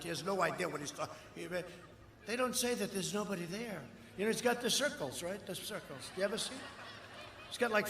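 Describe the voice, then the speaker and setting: A man in his seventies with a slightly high, bright, forceful voice gives a campaign speech at a large outdoor rally. The political candidate rambles and repeats himself, adding mocking asides. The audio comes through an echoey rally sound system with long reverb and faint noise.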